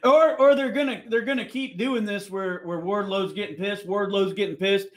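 A man co-hosting a wrestling podcast, talking excitedly with quick restarts in casual chat. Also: high voice.

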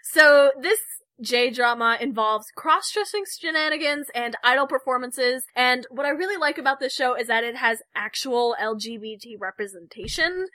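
A woman's voice: sits high, normal speed, few pauses, bright, forceful tone, dry recording. A young woman co-hosting a podcast, chatting casually, laughing and retelling stories with animation. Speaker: podcast co-host.

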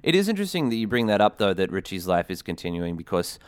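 A man's voice: on the low side, very animated, fast, clear, resonant tone, no echo. A man co-hosting a podcast, talking through a reality show with dry, wry humor. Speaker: podcast co-host. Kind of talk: casual recap chat.

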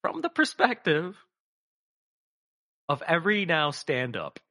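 A man co-hosting a casual comedy chat, rambling and animated, swearing freely and acting out quoted voices. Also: fairly high pitch, slow. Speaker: podcast co-host.

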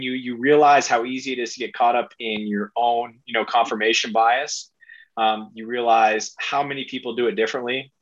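A middle-aged man speaking as a podcast guest, rambling and excitable, with a self-deprecating manner. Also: medium pitch, no echo, muffled recording. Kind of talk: casual interview talk.

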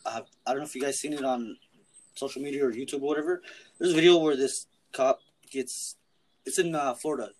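Brief: relaxed young man, mid-range voice, loose casual chat. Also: mid-range voice, quick pace, low-quality recording. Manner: laid-back, chimes in with reactions.

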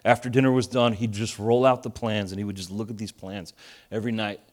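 A pastor in his forties from Argentina preaches a sermon with a fairly low, slightly fast voice. He's an animated storyteller, sharing funny stories and joking with the audience.

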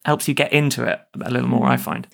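A man's voice: medium pitch, very animated, fast, gravelly. A man talking casually as a guest on a group podcast, rambling and filling his speech with "like". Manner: rambling, fills with "like". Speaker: podcast guest, tabletop player.

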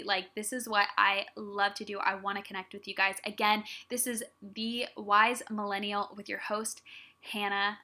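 A woman's voice: medium pitch, bright, forceful tone. A young woman hosting her own podcast, giving an earnest, encouraging solo talk straight to her listeners. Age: young adult. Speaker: podcast host.

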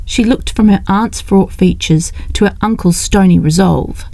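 A woman narrating an audiobook in a brisk, expressive way. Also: medium pitch, vocal fry, no echo.

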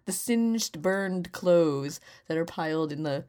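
A woman co-hosting a podcast in casual comedic banter, quick with dry, mock-serious comebacks. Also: on the low side, lively intonation, a little mellow. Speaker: podcast co-host.

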